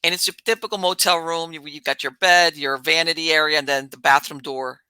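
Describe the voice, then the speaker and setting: Bright-voiced woman podcast host. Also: deep voice, brisk, clear, resonant tone, dry recording. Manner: animated, laughing as she tells it. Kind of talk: casual storytelling.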